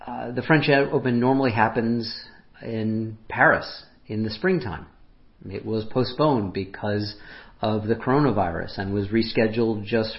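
A pastor with a fairly low voice gives a gentle, unhurried sermon. He lets his voice sink to a hush on the tender moments. The recording is muffled and a little dull. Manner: gentle, unhurried, speaks softly and drops to near whispers on quoted lines. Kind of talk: reflective sermon.

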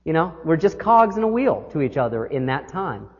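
A man giving a sermon as minister, telling stories and shifting between quick and slow delivery. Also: on the high side, big pitch swings. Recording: echoey hall, dull lo-fi sound.

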